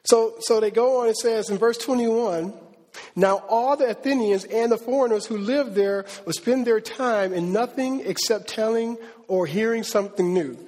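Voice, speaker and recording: A male pastor preaching a sermon in a lively, conversational, slangy way. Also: sits high, moderate pace, long reverb tail.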